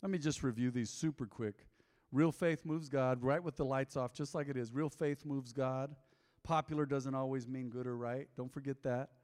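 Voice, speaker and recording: A middle-aged man preaching as a pastor, telling a confessional story with jokes, then leading an altar call, his voice swinging from loud to hushed. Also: medium pitch, fairly even intonation, normal speed. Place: church sanctuary. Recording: long hall reverb.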